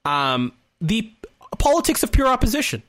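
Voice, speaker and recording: A man hosts a casual political talk show, prodding his guests with short, pointed questions. His voice sits on the higher side and moves up and down in a lively way. The sound is close and dry. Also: moderate pace, no room sound. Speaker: podcast host.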